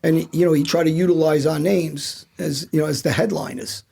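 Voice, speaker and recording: A man's voice: fairly high pitch, a little fast, vocal fry, breathy edge. A man hosting a casual conversation, talking loosely with many fillers and agreeing with his guests. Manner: relaxed, many fillers, back-channel agreement. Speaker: host. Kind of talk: casual chat.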